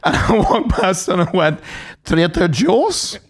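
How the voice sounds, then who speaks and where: Giggly high-voiced male podcaster. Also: moderate pace. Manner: giggly, laughs often, silly voices. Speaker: podcast co-host. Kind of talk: casual banter.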